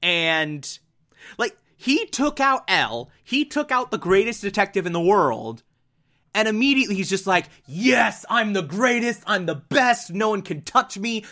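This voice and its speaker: A speaker casually breaking down an anime episode, full of "like" and "uh" and acting out the characters' lines. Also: medium pitch. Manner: animated, fillers like "like" and "uh", acts out quotes. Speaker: anime reviewer.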